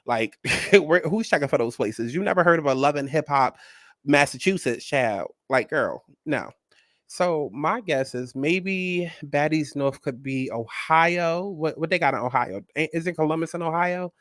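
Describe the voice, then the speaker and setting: Guy with kinda high voice doing a sassy vlog rant, cussing a lot, dry close sound. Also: a little slow, no room sound. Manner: sassy, animated and blunt, swears freely. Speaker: host. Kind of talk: casual commentary vlog.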